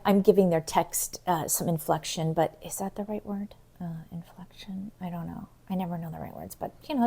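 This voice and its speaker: A woman's voice: mid-range voice, warm tone. A middle-aged woman vlogging in a casual, rambling way, acting out the texts she quotes. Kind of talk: casual chat.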